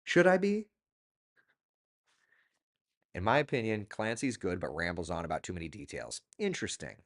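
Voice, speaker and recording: A man's voice: low-pitched, huge pitch swings, normal speed, a bit bright. A middle-aged man hosting a casual live chat, reading out viewer comments and talking loosely about books. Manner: chatty, reads viewer comments aloud. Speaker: host.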